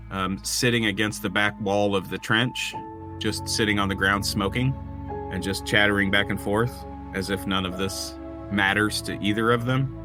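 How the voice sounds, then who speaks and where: A man narrating a tabletop game as game master, describing scenes with frequent ums and restarts. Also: fairly low pitch.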